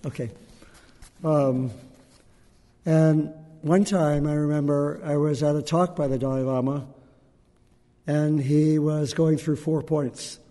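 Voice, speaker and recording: Gentle meditation teacher in a hall. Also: male voice, fairly high pitch, fairly even intonation. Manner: gentle, unhurried, with frequent pauses and fillers. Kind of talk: dharma talk to a group.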